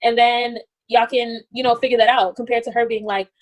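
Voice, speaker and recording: A young woman co-hosting a casual reality-TV recap chat, talking fast and loose with lots of "like" and laughs. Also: fairly high pitch. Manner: chatty, animated, laughs often, lots of "like". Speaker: podcast co-host.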